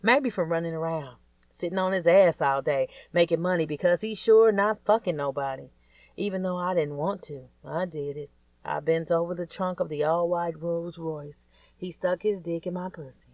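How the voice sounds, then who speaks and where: Woman, lowish voice, candid streetwise audiobook narrator, dry booth sound. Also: darkish tone, no room sound. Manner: blunt, crude, streetwise storytelling. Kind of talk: first-person audiobook narration.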